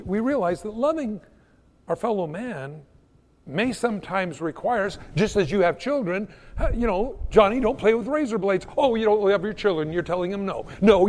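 A middle-aged man preaching a sermon as pastor, telling stories with lively restarts. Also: high-pitched. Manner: animated storytelling with repeated restarts. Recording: long hall reverb.

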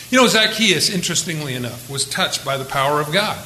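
High-voiced bright pastor preaching. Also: male voice, lively intonation, brisk, reverberant, rough recording. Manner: conversational preaching with dramatic raised quotes. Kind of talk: sermon.

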